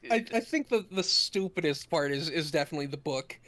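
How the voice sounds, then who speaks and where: A man's voice: on the high side, animated, brisk, bright, forceful tone. A man co-hosting a podcast, reading a dry, sarcastic recap of a cartoon episode and chatting with his co-hosts. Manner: dry, sarcastic commentary with chuckles. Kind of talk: read-out episode recap with banter.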